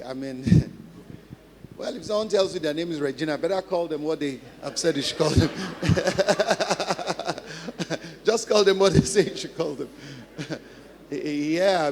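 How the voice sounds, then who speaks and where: In a church hall, a male pastor delivers a conversational teaching sermon, laughing often and repeating points for emphasis. His voice is fairly high with a darkish tone. Long church reverb and faint music fill the recording.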